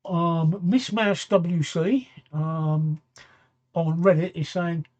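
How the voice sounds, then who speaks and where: A man's voice: sits high, a little mellow, lo-fi sound. A man, hosting a late-night talk stream, rambling and repeating himself as he answers viewer comments. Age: 60s. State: tired, yawning late at night. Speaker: talk show host. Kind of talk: casual live-stream chat.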